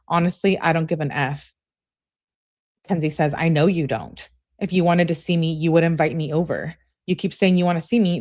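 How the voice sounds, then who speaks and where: A woman with a low, deep-set voice reads text messages aloud for a true crime video, passing quickly from one sender to the next. Between the messages she drops blunt, chatty asides of her own. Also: a little mellow. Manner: reads messages in a brisk running relay of who-said-what. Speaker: true crime channel host.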